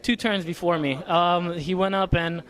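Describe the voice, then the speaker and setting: Casual young male athlete, slightly high. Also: steady tone, normal speed, a bit bright. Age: young adult. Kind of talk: post-competition interview.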